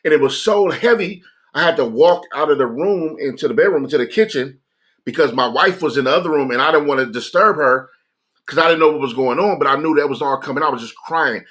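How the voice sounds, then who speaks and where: Earnest male streamer with a bright, forceful voice, recounting a personal story casually. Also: a little high, quick pace. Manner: earnest, conversational, repeats phrases for emphasis. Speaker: livestreamer sharing a personal testimony.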